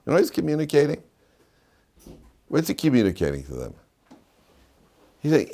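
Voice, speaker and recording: A middle-aged rabbi giving a lively classroom lecture, telling stories and quizzing his students. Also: normal speed, gravelly, pauses often. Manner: animated storyteller, swings between loud emphatic peaks and low asides, quizzes students.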